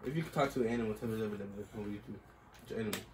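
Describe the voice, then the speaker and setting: A man's voice: on the low side, very fast, roomy sound, a little hiss or hum, poor audio. A young man co-hosting a casual podcast, laid-back and joking. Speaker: podcast co-host. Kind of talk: casual chat.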